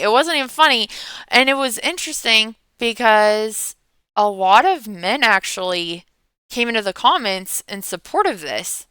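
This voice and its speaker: A woman's voice: fairly high pitch, animated, measured pace, pushed and bright, clear, resonant tone, no echo. A tired millennial woman in her thirties, rambling through a casual Q&A vlog, often trailing off and yawning. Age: 30s. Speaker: meme creator.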